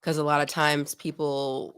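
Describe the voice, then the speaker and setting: A woman's voice: sits low, level tone, unhurried, a bit bright, smooth. A woman hosting a podcast, thanking her guest and asking her questions. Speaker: podcast host. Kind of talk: interview questions.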